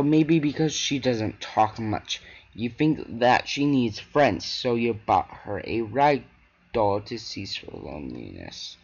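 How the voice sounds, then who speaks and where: Brief: male gamer reading on-screen horror text aloud, halting, muffled low-fi sound. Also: a little mellow, slightly rough. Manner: halting, with frequent restarts and stumbles. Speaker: gaming channel host.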